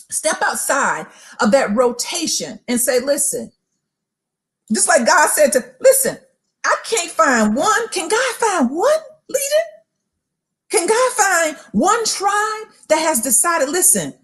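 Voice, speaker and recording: A woman giving a preaching-style motivational talk, emphatic and repeating phrases as she addresses listeners directly. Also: high voice. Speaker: motivational speaker.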